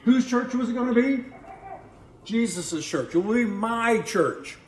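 A man's voice: very high voice, animated, a little slow. A man preaching a sermon, often repeating his words and asking the congregation questions. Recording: echoey room, faint background noise.

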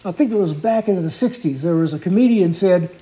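Mellow, higher-voiced male preacher. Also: rough recording. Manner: earnest, unhurried storytelling with small restarts. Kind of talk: sermon storytelling.

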